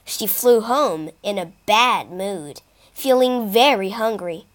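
Animated woman reading children's fables. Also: medium pitch, slow. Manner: expressive, animated. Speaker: storyteller. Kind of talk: storybook reading.

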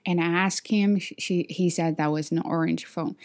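A woman telling a story to camera in a vlog, hesitant with many fillers and restarts, animated when she acts out what others said. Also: on the low side, moderate pace, few pauses. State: sweaty after a walk. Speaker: vlogger.

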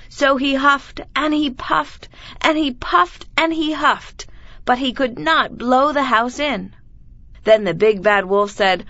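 A woman reading a children's story aloud clearly and deliberately for learners. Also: a little high, pushed and bright, dry recording, highs cut off. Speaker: reader of children's stories.

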